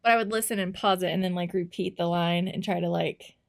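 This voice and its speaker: A woman's voice: fairly low pitch, steady tone, fairly quick, creaky. Giggly woman, casual chat. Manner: giggly, dry understatement. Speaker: guest, host's wife.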